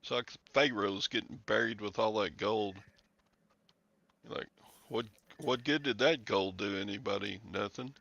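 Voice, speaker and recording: A blunt man with a gravelly, bright voice, joking dryly in casual chat. The sound is dull and dry with no room echo. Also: lowish voice, unhurried. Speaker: host of a livestream.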